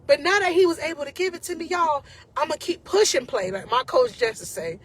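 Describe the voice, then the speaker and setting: A woman's voice: very high-pitched, expressive, a little fast. A woman life coach giving an emotional, encouraging faith talk to her viewers, casual and often close to tears.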